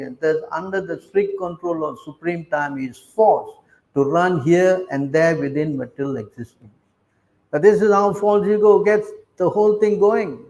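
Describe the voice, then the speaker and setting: A man with a fairly high voice gives a scripture class, reading verses aloud and then breaking them down in short, emphatic bursts. He keeps tossing rhetorical questions at the room, "huh?", "what?", as he drives each point home. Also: a little mellow, rough recording.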